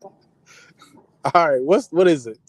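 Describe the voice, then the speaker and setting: A man's voice: on the high side, takes it slowly, darkish tone, dry recording. A man in comedic casual banter, laid-back and teasing with lots of slang.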